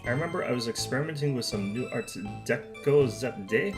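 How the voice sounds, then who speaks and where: A streamer voicing a flamboyant middle-aged male French restaurateur from a video game, using a clumsy put-on French accent with French words mixed in and a slow, pompous delivery. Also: medium pitch, animated, lightly acted. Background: loud game music.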